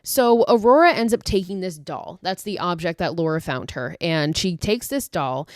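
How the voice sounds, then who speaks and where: A woman's voice: on the low side, animated, moderate pace, no echo, studio quality. A woman podcast host retelling a horror film plot in a casual, filler-heavy way, breaking into profane, exasperated asides. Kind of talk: casual movie recap.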